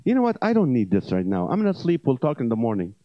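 A man's voice: medium pitch, wildly swooping pitch, quick pace, dry recording, muffled recording, pitched below the performer's own voice. A man voicing his own stomach as a jilted, whiny male character who scolds and guilt-trips him. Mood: indignant. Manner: nagging, wounded, guilt-tripping.

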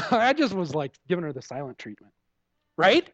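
A man's voice: sits high, sing-song, normal speed, a bit bright, dry recording. Male pastor, conversational sermon, candid and self-mocking; muffled, dry lo-fi capture. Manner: candid, self-deprecating storytelling with frequent "you know". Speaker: preacher. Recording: dull lo-fi dry recording.

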